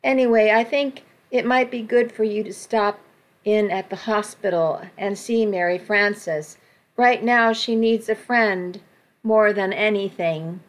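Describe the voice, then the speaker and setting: A woman reading a story aloud and voicing a weary, sensible male police officer in a calm, matter-of-fact way. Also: medium pitch, measured pace, close to an everyday voice.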